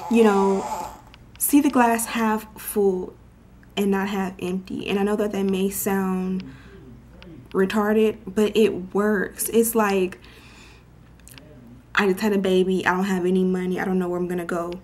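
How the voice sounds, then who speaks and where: A woman's voice: medium pitch, a little mellow. A young woman talking candidly to her camera in a personal vlog, rambling and heartfelt, with lots of "you know" and "um". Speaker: vlogger. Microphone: camera mic. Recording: faint background noise.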